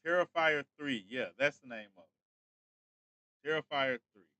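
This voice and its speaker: A man's voice: medium pitch, normal speed, bright, forceful tone, dry recording, lo-fi sound. A man hosting a casual livestream, chatting straight to his viewers. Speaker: livestream host.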